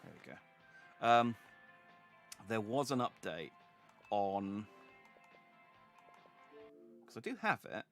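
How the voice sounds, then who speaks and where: Young dude streaming a game, jokey and chatty, bright voice that jumps around a lot, some music in the background. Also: male voice, fairly low pitch, expressive, takes it slowly, long pauses. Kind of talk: casual gameplay commentary.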